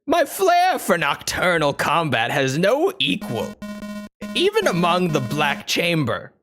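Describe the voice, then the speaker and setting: Man hamming up a slow gloating villain. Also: a little high, huge pitch swings, a bit bright, soft background music, exaggerated voice. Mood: boastful. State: strained throat. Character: boastful theatrical male villain, night fighter.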